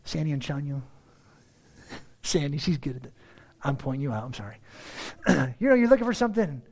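A man preaching a sermon as pastor, conversational and animated, talking straight to his congregation. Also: a little high, fairly quick. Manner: animated, acts out everyday dialogue in different voices; conversational, addresses the congregation directly.

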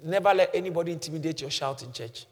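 A male pastor delivers a sermon in a high, ringing voice. He reads scripture softly, then builds to loud, shouted calls. The church hall around him leaves a long reverb. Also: fast, heavy background noise. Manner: swings from quiet scripture reading to shouted preaching.

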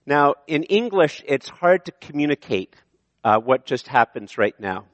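A male pastor giving a sermon in an animated, conversational way, often correcting himself mid-sentence. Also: fairly high pitch, measured pace, no room sound.

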